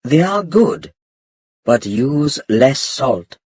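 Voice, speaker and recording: A calm old Chinese monk speaks with a Chinese accent, as a man reads him aloud. He talks slowly and quietly, a little breathy. The sound is close and dry. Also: medium pitch, no room sound, heavily acted. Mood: patient. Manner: slow, quiet, measured.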